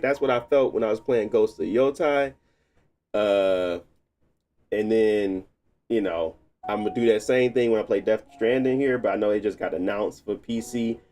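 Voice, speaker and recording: A man streaming live, chatting casually while tinkering with settings, thinking out loud and laughing often. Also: medium pitch. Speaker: gaming streamer.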